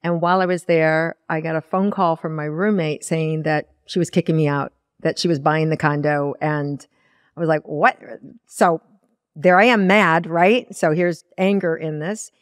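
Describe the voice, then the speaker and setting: A woman from Iowa, a spiritual teacher, speaks at a normal speed in a low-sitting voice, earnestly sharing a personal story in a podcast interview. She animates the retelling by quoting her past self and inner dialogue, recorded dry with clean studio sound.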